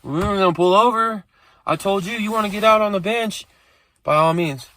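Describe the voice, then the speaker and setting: A shrill, nagging young woman in a panic, her voice pushed high and tight, as a man puts her on while telling a story. She complains and frets, rising sharply in pitch. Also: moderate pace, pushed and bright. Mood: panicky.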